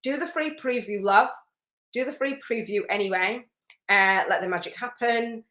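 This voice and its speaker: A woman's voice: fairly high pitch, moderate pace. A woman hosting a live spiritual business masterclass, chatty and effusive, rambling with fillers as she reads out viewer comments. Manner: warm, effusive, rambling with many fillers and restarts. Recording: roomy echo.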